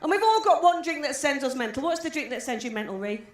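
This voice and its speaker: A woman's voice: high voice, big pitch swings, fast. A woman in her forties with a West Midlands accent doing brash, swearing stand-up and teasing the crowd. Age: 40s. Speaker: stand-up comedian. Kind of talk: live stand-up with crowd work. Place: comedy gig venue. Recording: echoey live room with background noise.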